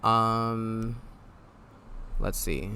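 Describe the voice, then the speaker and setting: A tired man with a nasal voice, hosting a podcast. He talks in a casual, reflective monologue and reads affirmations aloud in a low, laid-back way. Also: steady tone, extremely slow, sharp tone, a little hiss or hum. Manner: low, laid-back delivery with mild swearing. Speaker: podcast host.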